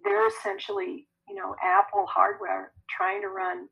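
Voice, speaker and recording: A woman who works as an energy healer, answering podcast interview questions in a chatty, animated way. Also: mid-range voice, a little slow, creaky, breathy edge, muffled recording. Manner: animated, conversational, laughs often.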